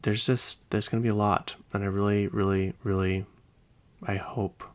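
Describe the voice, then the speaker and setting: A man's voice: fairly low pitch, little pitch movement, normal speed. A male podcast host talking casually and gossipily about celebrity news, rambling and speaking directly to his listeners. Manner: chatty, gossipy, rambling, addresses listeners as "you guys". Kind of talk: casual pop-culture chat.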